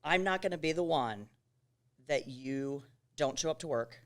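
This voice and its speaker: A middle-aged woman, a radio talk show co-host, telling a story in a podcast interview, animated and acting out what was said. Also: low voice, a little slow. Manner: animated storyteller who acts out quotes, rising to near shouting.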